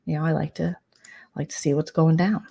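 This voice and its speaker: A woman vlogger rambles through a casual late-night chat, full of fillers and restarts. Her voice sits a bit low, with a soft, mellow tone. She sounds relaxed and low key. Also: brisk, gravelly, breathy edge.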